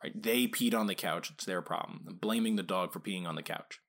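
A man with a somewhat low voice talks casually into a podcast mic about training dogs. He keeps tossing rhetorical questions at his listeners and slips in quick acted-out quotes. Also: creaky, a bit bright. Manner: conversational, asks rhetorical questions, acts out quick quoted lines. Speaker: podcast host and dog trainer.

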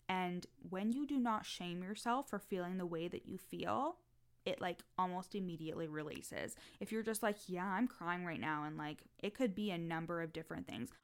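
A woman mindset coach talks straight to her listeners in a solo podcast. Her voice is smooth and sits on the low side, and she swears freely. She slips into the self-talk she describes in quick, frank bursts. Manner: frank and profane, fast bursts, acts out inner voices.

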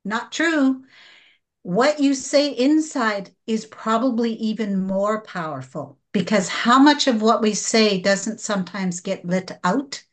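Woman, podcast guest, slightly high voice, unhurried, heartfelt delivery. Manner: slow, earnest and emotional. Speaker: guest practitioner. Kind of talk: spiritual podcast conversation.

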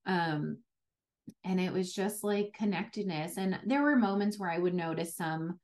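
A woman's voice: mid-range voice, normal speed, darkish tone. A young woman hosting a podcast, telling a personal story in a casual, chatty way with lots of "like" fillers. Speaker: podcast host.

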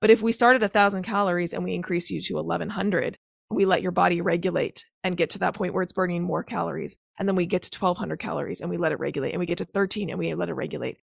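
A woman in her thirties speaks with a slight fry in her voice, laying out ideas step by step like a coach. The sound is dry and close, with no room around it. She talks conversationally, leaning on everyday analogies. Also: on the low side, quick pace, no room sound. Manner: explanatory, uses step-by-step examples and analogies. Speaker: guest, macro-counting coach. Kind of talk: conversational podcast interview.

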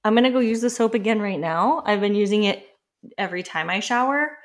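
Hosting a casual solo podcast, a woman in her thirties chats briskly with lively intonation, scattering "like" fillers and laughing often. Her mid-range voice sounds a little winded.

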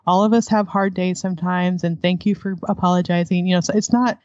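A woman's voice: on the low side, fairly even intonation, a little fast, a little mellow, no room sound, highs cut off. A woman guest, an adoptive homeschooling mother, speaking candidly in a conversational interview and laughing often.

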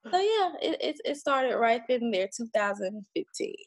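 A woman with a highish, sing-song voice at a normal pace shares her birth story as a podcast guest. Her telling is blunt, casual and emphatic, with occasional swearing and acted-out quotes from others.

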